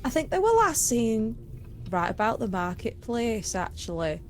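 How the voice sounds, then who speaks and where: A woman's voice: a little high, sing-song, normal speed, a little hiss or hum. A woman playing in a tabletop game, chatting casually and teasing. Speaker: player.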